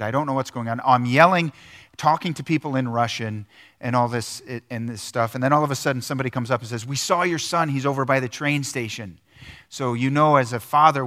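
A man's voice: medium pitch, bright, forceful tone. A middle-aged man preaching a sermon in a church sanctuary, telling a personal story earnestly, with frequent restarts and filler words. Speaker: pastor.

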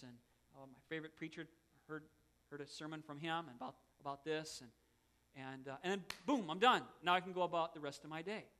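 Bright-voiced man preaching a sermon. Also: a little high, a little fast. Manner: earnest, conversational preaching with self-deprecating asides. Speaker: pastor.

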